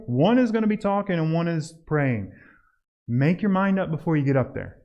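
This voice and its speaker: A man teaching a church group how to make home visits, talking casually and acting out doorstep scenes in a raised, lively voice. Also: medium pitch. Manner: admits he mumbles when tired. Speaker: church outreach trainer. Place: church hall.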